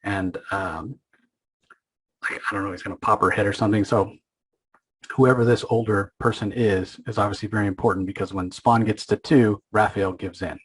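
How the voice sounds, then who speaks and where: A man's voice: on the low side, steady tone, moderate pace, husky, rough recording. A man hosting a podcast, retelling a comic book story in loose, rambling speech full of fillers and restarts. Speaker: podcast host. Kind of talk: casual comic book recap.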